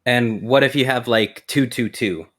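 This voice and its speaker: A man in a community voice chat asking the host a question in halting, hesitant phrases. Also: medium pitch, a bit bright. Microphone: online voice chat mic.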